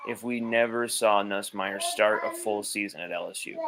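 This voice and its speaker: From home, with his child nearby, a man hosts a sports livestream as a sports podcast host, rambling casually and bluntly with easy swearing. His voice is on the low side at normal speed with hardly any pauses, and crowd noise is audible.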